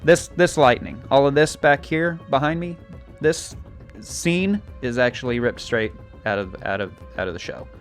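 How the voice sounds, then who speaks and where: A man's voice: medium pitch, animated, normal speed, soft background music. A young man casually recapping a TV season, rambling and joking with plenty of filler words. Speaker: show recapper. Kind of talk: casual plot recap with acted quotes.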